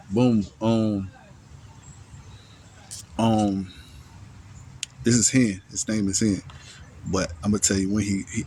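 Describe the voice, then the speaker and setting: A man with a fairly low voice tells a long personal story in loose, profane street slang. He restarts his sentences often and keeps checking in with his listener. Faint noise sits behind his voice. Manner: rambling, with many restarts and repeated words. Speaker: storyteller recounting a personal ordeal. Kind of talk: casual first-person storytelling.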